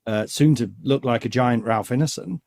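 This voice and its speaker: A man's voice: mid-range voice, moderate pace, a little mellow. A man hosting a podcast in a chatty, rambling, joking way. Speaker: podcast host. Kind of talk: casual chat.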